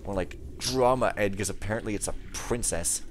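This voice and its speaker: A man's voice: on the low side, normal speed, a little hiss or hum. A young man giving casual gameplay commentary, ranting and easily frustrated, with outbursts and musing. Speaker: let's play gamer.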